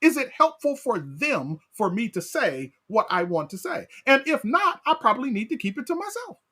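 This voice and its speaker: A man leading a Bible study as pastor, animated, asking his class questions and often tagging on "right?". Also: very high voice, normal speed.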